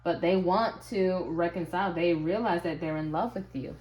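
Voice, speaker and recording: Brief: lower-voiced woman, casual tarot reader, chatty and sassy, addresses the viewer directly. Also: normal speed, a little mellow, slightly rough. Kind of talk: casual tarot reading to camera.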